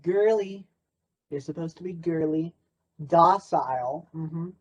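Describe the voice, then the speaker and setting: A man's voice: on the high side, slow pace, darkish tone. A man presenting an interactive workshop in a playful, sarcastic way. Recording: dull lo-fi recording.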